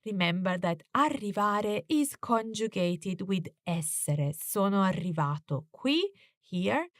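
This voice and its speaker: A woman with as her teaches a lesson at a slow, patient pace, often pausing on "uh" as she explains. Her voice sits at a middle pitch and sounds close and dry, with no room echo. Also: animated. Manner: slow, careful explanations with frequent "uh" fillers. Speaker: language teacher.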